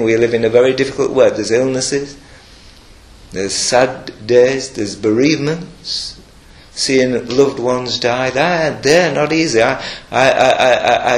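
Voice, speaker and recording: A man's voice: mid-range voice, echoey room. An older man preaching a sermon, earnest and emphatic, mixing scripture with personal stories.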